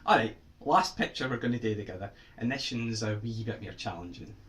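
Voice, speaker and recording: A man with a Scottish accent giving a playful lesson to children, with animated, exaggerated exclamations. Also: fairly low pitch, brisk. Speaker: writer teaching children.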